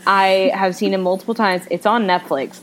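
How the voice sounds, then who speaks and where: A woman's voice: mid-range voice, fairly even intonation, normal speed, a bit bright, rough recording. Young female co-host, gushing and playful, casual chat, faint room noise. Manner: enthusiastic, gushing, jokey. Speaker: podcast co-host.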